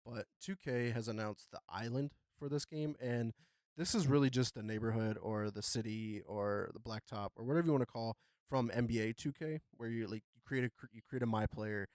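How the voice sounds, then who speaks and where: A man's voice: medium pitch, fairly quick, dry recording, studio quality. Casual man rambling through gaming news. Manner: relaxed, rambling with many fillers. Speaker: podcast host.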